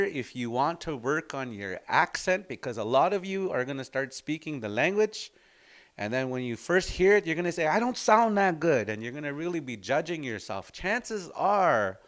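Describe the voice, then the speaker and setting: A man leads an informal language class. He speaks in an unhurried, reflective way and weaves little stories into his teaching. His voice sits in an ordinary middle range. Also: mid-range voice, a bit bright.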